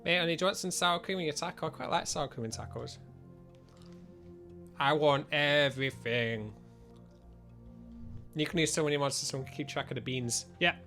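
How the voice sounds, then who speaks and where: A man's voice: a little high, normal speed, pauses often, sharp tone, faint music behind. A man streaming a game live through a studio mic with a pop filter, chatting and thanking viewers over and over.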